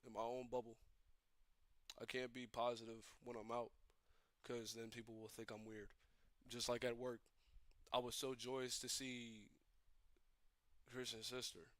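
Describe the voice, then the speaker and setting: A young man in visible emotional distress, ranting alone on a stream in a halting, repetitive, despairing way. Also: medium pitch, a bit bright, no echo. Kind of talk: emotional solo rant.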